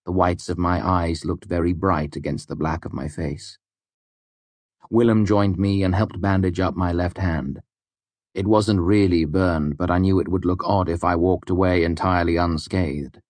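A man reading an audiobook in a steady, measured storytelling manner. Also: sits low, dry recording. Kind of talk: scripted audiobook narration.

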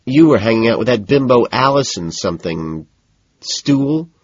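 A man's voice: medium pitch, expressive, moderate pace, husky, no room sound, voice pushed up. A man voicing a snobby, tipsy young socialite woman who talks in a bored, gossipy drawl, in a slightly muffled recording. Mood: bored, snobbish.

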